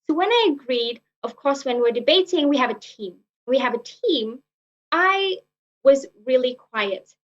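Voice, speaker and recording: A woman's voice: sits high, animated, unhurried. A young woman giving a prepared personal speech at a speaking club, earnest, often repeating herself and using fillers. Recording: muffled lo-fi recording.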